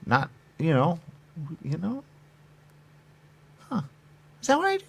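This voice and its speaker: Male comic, gravelly husky voice, absurd playful banter, lively delivery. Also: fairly high pitch, takes it slowly. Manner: absurd, playful back-and-forth, some whispered asides. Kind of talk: improvised comedy banter.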